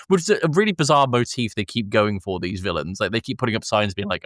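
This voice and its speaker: A man co-hosting a podcast, retelling a film scene by scene in casual chat, laughing often and slipping into quick voices for the characters. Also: on the low side, lively intonation, fairly bright tone, dry recording, studio quality. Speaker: podcast co-host.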